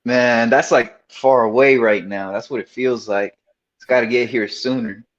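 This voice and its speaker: Man, mid pitch, teasing and cursing, muffled lo-fi recording. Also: steady tone, normal speed. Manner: roasting, profane, laughing. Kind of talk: casual banter.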